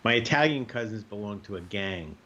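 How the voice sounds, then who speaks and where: A man's voice: on the low side, expressive, a little fast, pushed and bright, dull audio. A man, a comedian guest, telling comic stories over a video call, timing his punchlines and mimicking his relatives playfully. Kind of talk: comic storytelling.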